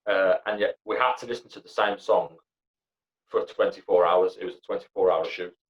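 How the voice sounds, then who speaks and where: A man's voice: low voice, moderate pace. A young man, a podcast guest chatting casually, blunt and sweary, rambling with lots of fillers. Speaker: podcast guest, comedy actor and writer. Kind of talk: casual chat. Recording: dull lo-fi sound.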